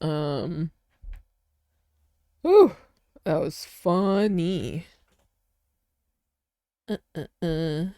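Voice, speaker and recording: A woman streamer chatting casually while reacting to clips, excitable and quick to laugh and gush. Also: sits low, dry recording, studio quality.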